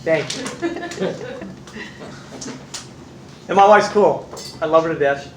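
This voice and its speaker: A middle-aged man from California telling stories to a class, fairly high for a man, acting out everyone in them and cursing freely. He is picked up from across an echoey room, with faint ambient noise. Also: slow pace. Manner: animated storyteller, acts out voices, swears casually. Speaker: instructor. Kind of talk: anecdotes in a class. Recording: echoey room, distant mic.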